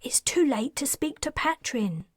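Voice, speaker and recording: A woman's voice: sits high, sing-song, measured pace, dry recording, studio quality, voice pushed up. A woman voicing a fierce mother who speaks urgently and anxiously about her son. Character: fierce desperate mother of grown children.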